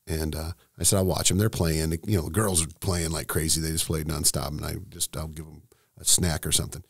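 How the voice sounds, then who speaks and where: A middle-aged man with a very low, gravelly voice. He talks candidly and emotionally, stopping and restarting often, and the recording is dry and close. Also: little pitch movement, no room sound. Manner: emotional, halting, many restarts. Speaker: estate planning seminar host, guest. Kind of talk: candid storytelling in conversation.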